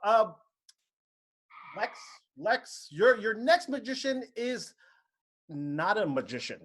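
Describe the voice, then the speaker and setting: Lively high-voiced man hosting a video call show. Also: slow pace. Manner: joking, rambling introductions. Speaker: host. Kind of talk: hosting a live online show.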